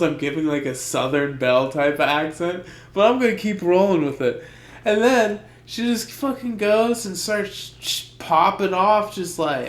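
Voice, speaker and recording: A man's voice: fairly high pitch, measured pace. A young man co-hosting a podcast, telling loose, profane stories in casual chat. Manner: loose, profane storytelling with put-on quote voices. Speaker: podcast co-host. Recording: echoey room.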